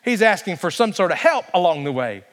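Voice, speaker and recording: A man's voice: sits high, big pitch swings, fairly quick, in a large hall. A male pastor preaching a sermon emphatically, building to passionate peaks.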